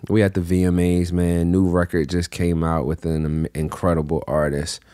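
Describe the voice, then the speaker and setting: A man who is a podcast guest, telling animated stories in casual chat and laughing often. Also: low voice, moderate pace, clear, resonant tone, dry recording.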